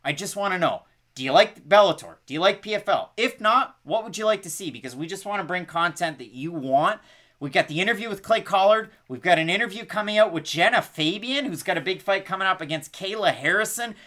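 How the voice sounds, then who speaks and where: A man's voice: high voice, lively intonation, fairly quick, bright, forceful tone. A man co-hosting a sports podcast in casual chat, upbeat and promotional, often putting questions to the audience. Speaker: podcast co-host.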